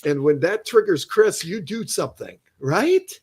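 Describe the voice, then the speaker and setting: Podcast host, male, husky and fairly high-voiced, emphatic, casual. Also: expressive, measured pace, darkish tone. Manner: emphatic, encouraging, says "dude" a lot. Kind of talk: casual interview chat.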